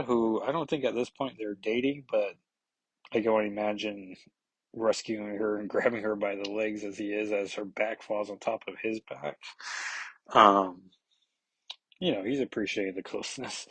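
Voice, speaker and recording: A man's voice: on the low side, a bit bright, slightly rough, no room sound, low-quality recording. A man hosting a podcast, casually recapping a comic book issue in a rambling, filler-heavy way and briefly acting out characters' lines. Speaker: podcast host.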